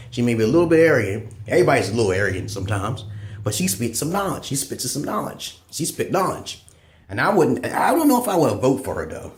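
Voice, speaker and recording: A man delivering a profane, rambling monologue as a channel host, swinging between loud high bursts and low mutters. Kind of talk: ranting monologue. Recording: echoey room.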